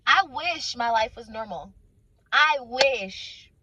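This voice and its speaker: High-voiced woman preaching with emphatic repetition. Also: expressive, slow, pushed and bright, husky, dry recording, rough recording. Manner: emphatic, repeats phrases for stress; calls listener honey and sweetheart. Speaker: Christian faith speaker. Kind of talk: informal preaching to camera.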